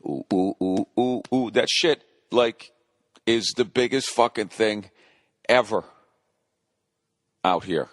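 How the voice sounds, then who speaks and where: A man's voice: fairly low pitch, takes it slowly, pauses often, no echo, clean studio sound. A man in his forties hosting a solo comedy podcast, ranting profanely and rambling, scolding himself back on topic. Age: 40s. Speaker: podcast host.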